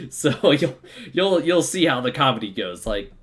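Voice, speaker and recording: A man hosting a podcast in casual chat, explaining quickly and laughing easily. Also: medium pitch, very animated, a bit bright. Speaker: podcast host.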